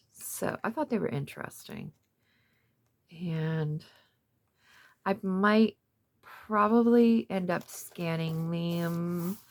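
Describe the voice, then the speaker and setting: A woman's voice: lowish voice, gravelly, a little mellow. A woman in her fifties chatting casually about a craft haul, rambling with lots of fillers. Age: 50s. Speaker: craft vlogger. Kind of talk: casual show-and-tell of a thrift haul.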